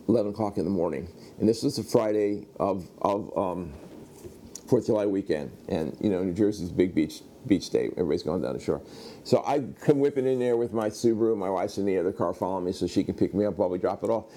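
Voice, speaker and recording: A middle-aged man from the United States telling a personal story in a sermon, animated, acting out the other people in it. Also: fairly low pitch, slight background noise. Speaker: preacher.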